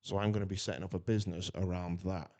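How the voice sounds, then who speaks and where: A man's voice: sits low, fast talker, no room sound. A man, co-hosting a podcast, rambling along in casual chat. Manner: rambling, animated, chatty. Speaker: podcast co-host. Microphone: podcast mic up close.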